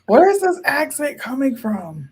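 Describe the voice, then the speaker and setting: A woman's voice: high-pitched, very animated, a little slow, background noise. A woman co-hosting a casual political talk show, blunt and outspoken with casual swearing. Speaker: co-host. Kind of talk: casual political commentary chat.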